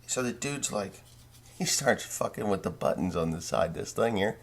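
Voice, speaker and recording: Gravelly, deep-voiced man telling a rambling story. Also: animated, moderate pace. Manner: rambling, profane, self-interrupting. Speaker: farmer vlogger. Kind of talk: casual storytelling.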